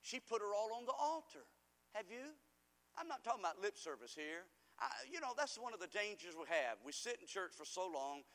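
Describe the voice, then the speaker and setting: Guy preaching in church, fervent, goes from quiet to loud, bright voice, big hall echo. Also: a little high. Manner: fervent, swings from quiet asides to loud cries. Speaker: pastor. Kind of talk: sermon. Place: church sanctuary. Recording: long hall reverb.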